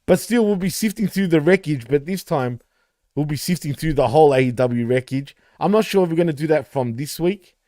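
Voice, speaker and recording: A man's voice: a little high, lively intonation, brisk, mellow, dry recording, studio quality. Profane man in banter. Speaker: podcast co-host. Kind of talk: casual podcast chat.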